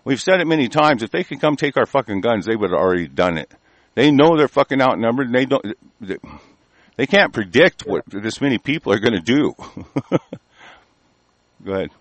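Male talk-show host, angry profane rant, mid pitch, dry close sound. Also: sing-song, normal speed, pauses often, no echo. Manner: angry, profane, rambling with restarts.

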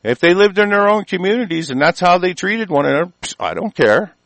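A man's voice: high-pitched, big pitch swings, fairly quick, creaky, fairly bright tone, dry recording, rough recording. Man, political rant, heated, rambling, stumbling fillers, dry close sound.

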